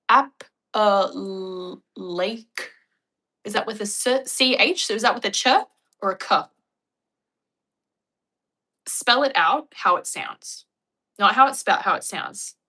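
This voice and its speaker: Woman streamer, bright voice, playful chat with viewers. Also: mid-range voice, expressive, normal speed, pauses often, slightly rough. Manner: chatty, playful, laughs often. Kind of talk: casual chat.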